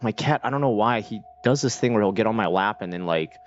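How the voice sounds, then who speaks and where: A man's voice: on the low side, quick pace, muffled recording. A man streaming a game, chatting casually and rambling with lots of fillers and restarts. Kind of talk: casual live-stream chat while playing.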